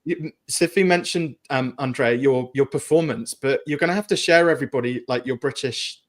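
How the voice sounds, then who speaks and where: A man co-hosting a panel talk, speaking in an animated, joking and frank way. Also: mid-range voice, normal speed.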